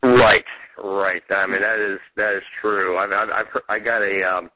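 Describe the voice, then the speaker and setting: Bright-voiced easygoing male host. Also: on the low side, fairly even intonation, moderate pace, no echo, low-quality recording. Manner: easygoing, laughs often. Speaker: radio show host. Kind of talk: casual radio interview.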